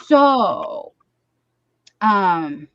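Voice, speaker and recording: A woman's voice: medium pitch, sing-song, very slow, fairly bright tone, lo-fi sound, slight background noise. A woman hosting a late-night livestream, chatting casually and rambling as she reads comments aloud. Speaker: live stream host. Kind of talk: casual chat.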